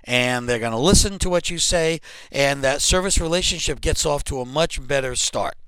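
A man giving an instructional talk on customer service, explaining in an emphatic, lively way. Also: fairly high pitch, moderate pace, clear, resonant tone, no echo, rough recording. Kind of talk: instructional lecture.

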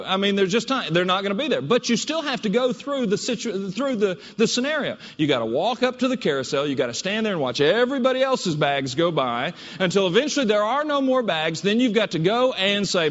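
A man giving a keynote talk, telling a story in an animated, conversational way. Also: high-pitched. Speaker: keynote speaker. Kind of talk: storytelling presentation. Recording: dull audio in a reverberant hall.

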